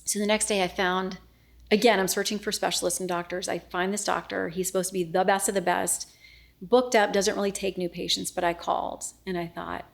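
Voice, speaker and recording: A middle-aged woman, a news anchor, telling a personal story in an interview, earnest and often dropping to a hushed voice as she re-enacts what was said. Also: mid-range voice, steady tone, fairly quick, creaky. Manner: earnest, reenacts dialogue, often drops to a hushed voice.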